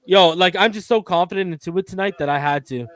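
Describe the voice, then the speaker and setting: Brief: slangy, pumped-up male stream host, slightly high voice, dry close sound. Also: a little fast, no echo. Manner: excited, loose and slangy, shouting out viewers. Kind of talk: casual live football chat.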